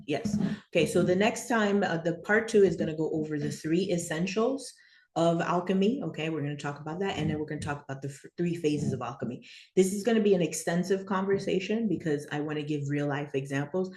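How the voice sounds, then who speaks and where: A woman teaching an informal online lesson, rambling and checking in with "right?" and "okay?", laughing easily and getting animated when she tells stories. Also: low-pitched, a little fast. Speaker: spiritual teacher. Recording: echoey room.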